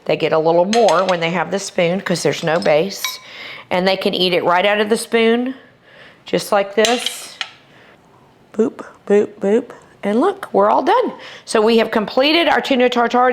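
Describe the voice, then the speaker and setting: A middle-aged woman with a Texas accent hosting a cooking demonstration, chatty and enthusiastic as she walks viewers through each step. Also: mid-range voice. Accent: Texan. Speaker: cooking show host.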